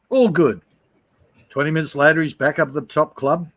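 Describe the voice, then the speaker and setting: A man's voice: a little high, steady tone, normal speed, fairly bright tone, husky, dull audio. A middle-aged man with an Australian accent, telling long rambling stories at home and swearing freely on a live stream. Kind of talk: casual storytelling.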